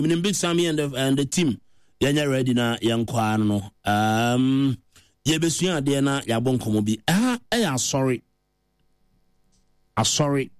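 A man with a Ghanaian accent preaching in a conversational way, mixing languages and rising to high, emphatic pitch. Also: no echo, studio quality.

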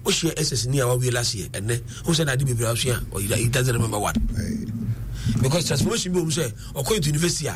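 A middle-aged Ghanaian man in a casual discussion, telling animated stories and switching between English and Twi. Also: mid-range voice, quick pace, background noise.

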